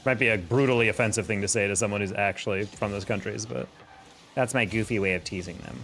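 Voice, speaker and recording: A young man from the United States streams while playing, relaxed as he reacts aloud to plays and answers viewers as a streamer and game analyst. His voice is lowish and he talks fast.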